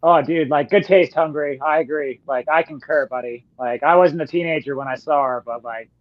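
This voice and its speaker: A laid-back man chimes in on the panel in a slangy, easygoing way. His voice sits a bit high. The audio is dull and lo-fi. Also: moderate pace. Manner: laid-back, slangy, says "like" and "dude" a lot. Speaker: panel guest. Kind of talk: casual chat.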